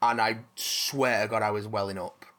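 A man's voice: fairly low pitch, steady tone, moderate pace, fairly bright tone. A man hosting a casual chat, rambling with restarts and casual swearing.

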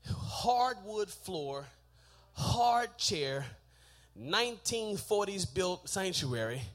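A middle-aged Texan preacher with a very high, bright, ringing voice delivers a sermon in church. He calls on the congregation to answer him back. He tells stories from his childhood, then builds into loud shouted preaching. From Texas. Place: church sanctuary.

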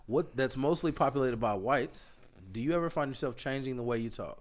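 A man co-hosting a casual podcast chat, relaxed and joking, laughing as he reads out a listener question. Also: medium pitch, fairly quick. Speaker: podcast co-host.

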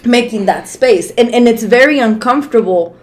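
A woman's voice: fairly high pitch, expressive, moderate pace. A woman in her thirties co-hosting a podcast, talking frankly and emphatically, swearing freely and laughing easily. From Mexico heritage, raised in the United States. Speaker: podcast co-host. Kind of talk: casual podcast chat.

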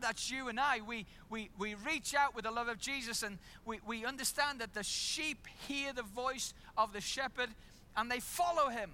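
A man pastor preaching a sermon in church, emphatic and building to loud declarations. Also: extremely high pitch, normal speed.

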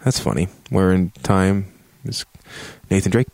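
A man with a very deep, gravelly voice rambles through a profane, joking game review. He speaks close to the mic in a dry, dead room. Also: a little slow, darkish tone, no echo. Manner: profane, joking, acts out reactions in a high yelp. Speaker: game reviewer, show host.

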